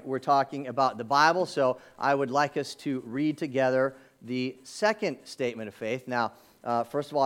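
A man's voice: medium pitch, clean tone. A man preaching a sermon as pastor of his church, talking conversationally with asides and rhetorical questions. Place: church sanctuary.

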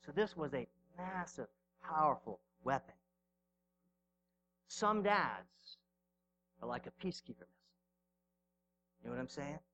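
A middle-aged male pastor preaching a sermon, telling stories with sudden swings from loud to hushed. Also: a little high, expressive, a little slow, pauses often, slight background noise, low-quality recording.

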